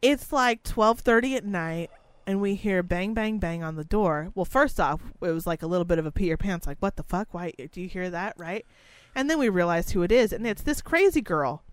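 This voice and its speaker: A young woman telling a story in a casual chat, with a blunt, profane and animated way of talking. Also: medium pitch, moderate pace, clean tone, dry recording.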